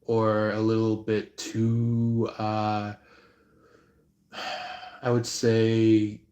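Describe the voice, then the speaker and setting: A man giving an intuitive reading on a live stream, slow and halting, with many fillers and restarts. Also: lowish voice, monotone, a little mellow, reverberant. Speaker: tarot reader.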